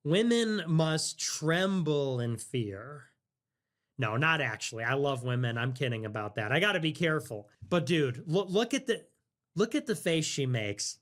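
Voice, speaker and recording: A young man hosting a livestream, ranting casually in a sarcastic, mocking, profane way, jumping between squeaky mock voices and low mutters. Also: expressive, fairly quick, a bit bright. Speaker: livestream host.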